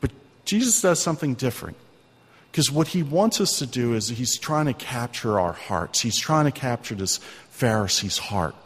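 A man's voice: medium pitch, expressive, moderate pace, husky. A male pastor preaching a sermon in an earnest, conversational way, often asking his listeners questions. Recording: long reverb of a hall.

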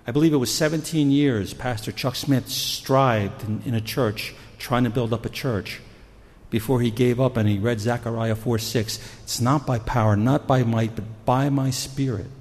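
A man with a mid-range, darkish voice preaches a sermon at normal speed with fairly even intonation. He tells stories earnestly and acts out panicked voices, and a hall's long reverb fills the recording.

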